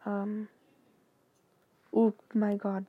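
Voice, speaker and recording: A woman's voice: medium pitch, monotone, drawn-out words, breathy edge, dry recording, phone-quality sound. A woman hosting a casual copypasta reading, talking hesitantly with many fillers and asides.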